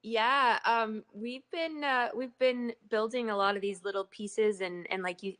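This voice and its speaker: A woman's voice: a little high, fairly even intonation, measured pace, fairly bright tone, no room sound. A woman on a project call giving a casual update, hesitant and restarting her sentences. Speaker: team member on a project call.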